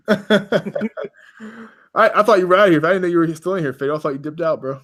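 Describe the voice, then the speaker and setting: A man's voice: high-pitched, a little fast, fairly bright tone. Laid-back man hosting a gaming podcast. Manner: laid-back, swears a lot, laughs often. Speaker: podcast host. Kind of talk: casual chat.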